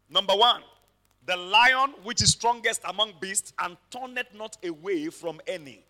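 A man preaches in a high, very bright, cutting voice. He tells his stories with drama and often builds up to shouts. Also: unhurried. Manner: dramatic storytelling, shouting peaks. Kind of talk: sermon.

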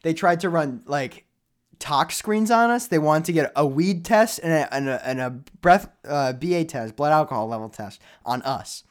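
Lively young man telling a story. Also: fairly high pitch, normal speed. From Rhode Island. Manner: animated, acts out other people's lines, many "like" fillers. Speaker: podcast co-host. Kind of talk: casual storytelling.

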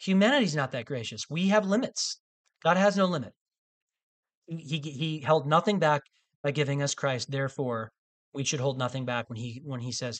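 A man's voice: a little high, normal speed. Conversational man preaching a sermon. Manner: conversational, many restarts and asides. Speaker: pastor.

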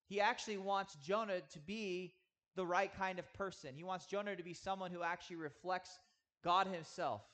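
Man, 30s, pastor delivering a sermon; slightly high voice, earnest and emphatic. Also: steady tone, a bit bright. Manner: earnest, emphatic with slow drawn-out stresses. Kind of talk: sermon teaching.

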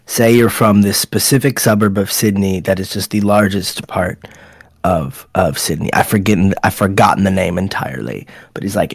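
A man's voice: deep voice, moderate pace, gravelly, no echo. A man hosting a podcast over an online voice call, chatting casually and telling stories with impressions. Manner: chatty storyteller who slips into impressions. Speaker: podcast host. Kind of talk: casual chat.

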